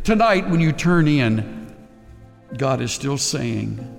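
A man's voice: medium pitch, sing-song, slow pace, creaky, long reverb tail, soft background music. An older man preaching a sermon, earnest and intimate, sometimes dropping almost to a whisper. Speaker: pastor.

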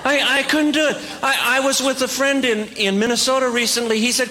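A man's voice: very high voice, steady tone, fairly quick, few pauses, sharp tone, a little hiss or hum. A man telling self-deprecating comic stories with playful punchlines to a live audience. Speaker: comedic speaker. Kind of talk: stand-up storytelling.

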